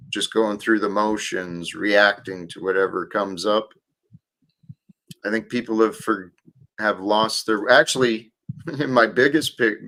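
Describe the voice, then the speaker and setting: A man's voice: low voice, fairly bright tone. A man hosting a livestream, talking casually and reflectively about faith and life, with some restarts. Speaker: livestream host.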